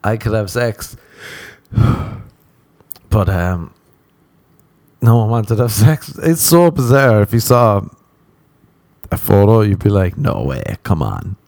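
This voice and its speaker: A man talks alone into a close mic on his podcast, drifting from story to story. He swears freely, mocks himself and laughs often. His voice sits a little low, and the recording is dry with almost no room sound. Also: slow pace, pauses often, darkish tone, no room sound. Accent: non-American. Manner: profane, self-mocking, laughs often. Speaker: podcast host. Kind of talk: casual solo podcast rambling.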